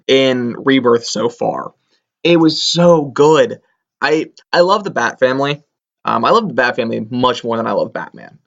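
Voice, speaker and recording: A man's voice: medium pitch, vocal fry, fairly bright tone. A man co-hosting a comic book podcast, rambling enthusiastically with lots of fillers. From Pennsylvania, US. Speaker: podcast co-host. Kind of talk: casual chat. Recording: dull lo-fi sound.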